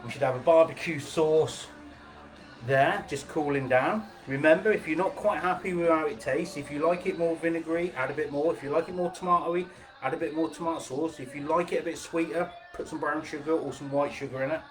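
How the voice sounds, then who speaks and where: A man's voice: fairly high pitch, fairly even intonation, brisk, faint music behind. A man hosting a casual live cooking class, chatty, jokey and informal as he demonstrates.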